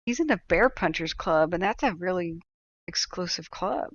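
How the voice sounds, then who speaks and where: A woman's voice: fairly low pitch, expressive, normal speed. Chatty woman telling a rambling story. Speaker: livestream host. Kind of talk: casual storytelling chat. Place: at home. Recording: dry, slightly dull sound.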